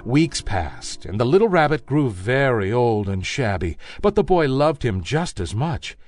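A man reading a children's story aloud in a gentle, expressive storytelling manner. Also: medium pitch, moderate pace, soft background music.

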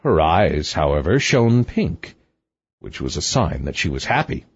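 A man narrating a storybook aloud in an expressive, wide-ranging read. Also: a bass voice, unhurried, slightly rough, no room sound. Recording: muffled, dull, dry recording.

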